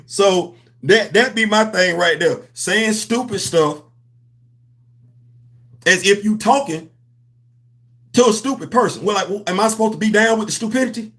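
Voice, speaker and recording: A man with hosting a comics livestream, talking to his chat in an animated, preachy, slangy way. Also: sits high, measured pace, long pauses. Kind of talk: casual livestream commentary.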